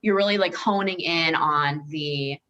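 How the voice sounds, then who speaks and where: A woman's voice: low-pitched, a little slow, sharp tone, lo-fi sound, a little hiss or hum. A woman guest in a casual podcast chat, who talks in long runs with many fillers. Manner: rambling, heavy on filler words.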